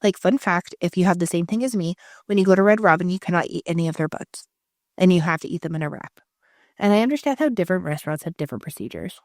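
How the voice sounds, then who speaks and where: Animated, swearing woman podcaster. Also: medium pitch, dry recording, clean studio sound. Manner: animated, swearing, storytelling with acted-out quotes. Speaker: podcast co-host. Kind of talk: casual chat.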